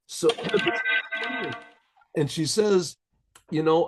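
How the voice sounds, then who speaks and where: Male rabbi storyteller, somewhat high, husky voice, loose and chatty delivery. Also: slow, pauses often, a little mellow, soft background music. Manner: rambling, chatty, with chuckles.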